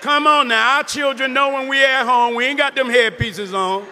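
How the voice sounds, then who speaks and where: A man's voice: extremely high pitch, fairly even intonation, normal speed, bright, forceful tone, in a large hall, a little hiss or hum. A man, a Muslim minister, preaching to a live audience in an emphatic way and calling out to the crowd.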